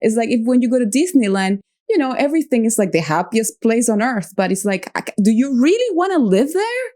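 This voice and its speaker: A woman's voice: fairly high pitch, big pitch swings, fairly quick, darkish tone. Thoughtful woman hosting a podcast. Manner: thoughtful, searching for words, laughs easily. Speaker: podcast host. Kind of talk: reflective interview conversation.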